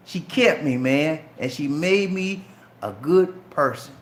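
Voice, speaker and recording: On a live stream, a middle-aged man from Charleston, South Carolina, with a light Southern Geechee accent, casually fields viewer questions, chatting directly with them and calling them "man" and "bro." His fairly high voice is animated but slow, heard in an echoey room.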